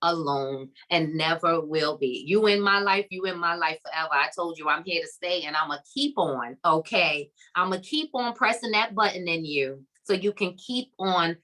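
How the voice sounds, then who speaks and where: Bright emphatic woman hosting a summit. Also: lowish voice, normal speed, few pauses, rough recording. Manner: emphatic, preacher-like, repeating phrases with "come on" and "okay". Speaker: summit host. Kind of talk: encouraging faith-based talk to a live online audience.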